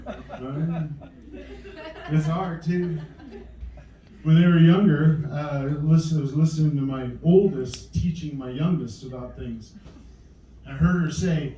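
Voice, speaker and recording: Stand-up comedian, middle-aged man, dry rambling delivery, mellow tone, echoey distant recording. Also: a little high, measured pace, a little hiss or hum. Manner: dry, rambling storytelling with acted quotes. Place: small comedy venue with live audience. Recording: echoey room mic from far off.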